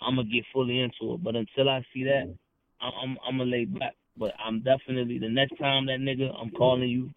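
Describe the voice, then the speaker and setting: A man's voice: mid-range voice, little pitch movement, a little fast, no room sound. A man talking as a podcast guest, heated and confrontational, full of slang and repeating himself. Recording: tinny phone-like sound.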